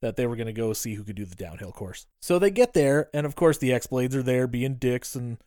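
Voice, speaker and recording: A man co-hosting a podcast, retelling a film's plot in casual, animated chat and swearing freely. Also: mid-range voice, brisk, dry recording, clean studio sound. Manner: animated retelling with quoted voices, frequent swearing. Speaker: podcast co-host. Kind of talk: casual movie recap chat.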